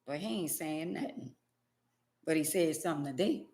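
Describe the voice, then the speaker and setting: A woman's voice: low voice, expressive, normal speed, mellow, reverberant. A woman ranting in casual commentary, emphatic and profane, hammering her points by repeating them. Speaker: vlogger.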